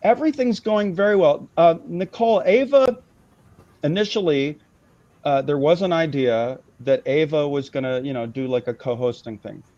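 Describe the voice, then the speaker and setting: High-pitched ranting man, lo-fi mic. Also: darkish tone, no echo. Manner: heated, profane, rapid ranting with restarts. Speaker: host. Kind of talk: improvised comedy livestream rant.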